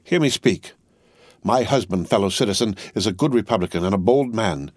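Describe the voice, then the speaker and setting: A man reading the part of a stern, ruthless middle-aged female revolutionary, speaking in a cold, commanding, deliberate way. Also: fairly low pitch, animated, darkish tone, no echo, studio quality.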